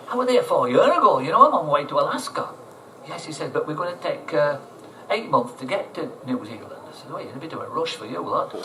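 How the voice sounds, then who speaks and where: A man's voice: on the high side, a bit bright. An older man, telling a rambling, salty travel story as an interview guest. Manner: rambling, salty, chuckling raconteur. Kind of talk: casual storytelling. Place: outdoor event. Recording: roomy, distant, faint background noise.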